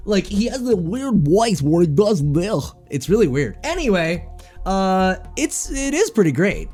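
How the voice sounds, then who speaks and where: Woman streamer, lively pitch, chatty and giggly, soft music under her. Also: a little slow. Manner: chatty and giggly, swears lightly. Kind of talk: casual game commentary.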